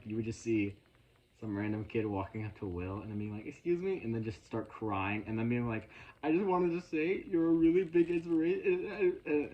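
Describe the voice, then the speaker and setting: Young male vlogger, deep low voice, earnest halting storyteller, recorded on a phone. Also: low-quality recording. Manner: earnest, halting, emotional retelling. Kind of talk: casual rambling story.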